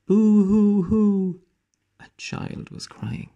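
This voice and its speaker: Slow gravelly man reading a storybook. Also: mid-range voice, dark tone, dull audio. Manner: slow, with dramatic whispers. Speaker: teacher reading aloud. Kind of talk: storybook read-aloud.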